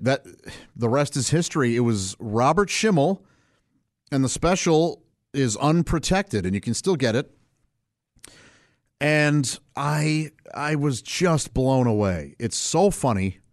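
Middle-aged male stand-up, laid-back and chuckly, mid-pitched voice, dry close mic. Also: no room sound. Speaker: stand-up comedian. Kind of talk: casual interview answer.

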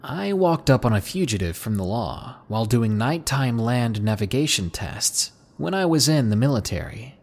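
A man with a slightly husky voice reading out submitted camping horror stories in a lively narration, dropping low and hushed at the tense moments. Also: normal speed, few pauses. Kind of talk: scripted horror story narration.

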